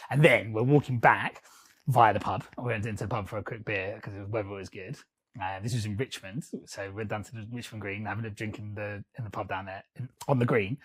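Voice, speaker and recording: A man's voice: on the low side, fairly quick, husky. Laughing man telling stories. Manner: animated storyteller, laughs often, swears casually. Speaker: podcast co-host. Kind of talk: casual storytelling chat.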